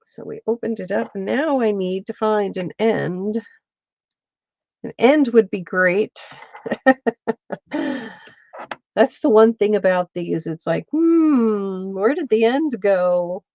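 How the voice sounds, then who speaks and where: Woman host thinking aloud through a stitching demo on a stream, slow and easygoing, close dry lo-fi mic. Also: mid-range voice, dark tone, no echo. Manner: chatty, thinks aloud, greets viewers by name. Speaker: craft show host. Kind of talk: casual livestream stitching demo. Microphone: streaming setup mic.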